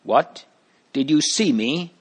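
A man's voice: on the high side, expressive, slow pace, breathy edge, pitched above the performer's own voice, full character voice. A man reading as an earnest, humble pilgrim. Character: earnest humble male pilgrim, anxious about himself.

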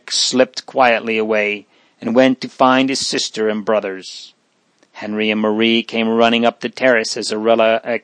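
A man's voice: lowish voice, no echo. Man reading an audiobook. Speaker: narrator. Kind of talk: audiobook narration.

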